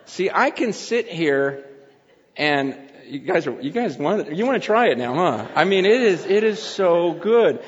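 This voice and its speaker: Middle-aged male pastor, chatty preaching between bites; slightly high voice, muffled recording in a reverberant hall. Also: very animated, measured pace, husky. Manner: chatty, laughing, talks with his mouth full. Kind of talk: casual sermon filmed at a meal. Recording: dull sound with long hall reverb.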